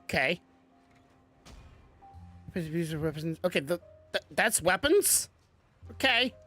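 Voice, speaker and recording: A woman's voice: lowish voice, animated, unhurried, a bit bright, soft background music. A woman giving casual commentary while playing a game, chatty and self-mocking, stumbling as she reads the text aloud. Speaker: gaming streamer.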